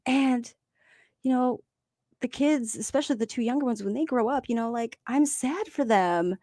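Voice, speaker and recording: Woman, fairly high voice, open and emotional, casual recovery talk, dry sound. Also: normal speed, no echo. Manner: open, emotional, animated storytelling. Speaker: podcast co-host.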